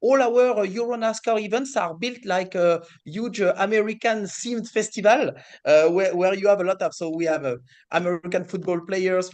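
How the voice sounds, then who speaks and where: A middle-aged man with a French accent, a racing series president answering interview questions in halting English with many fillers. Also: high voice.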